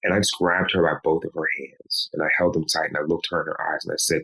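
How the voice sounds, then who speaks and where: A man, a podcast guest, recounting a painful personal story in a slow, measured way. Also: very deep voice, level tone, creaky, bright, forceful tone, low-quality recording. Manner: slow, measured telling with pleading quoted lines.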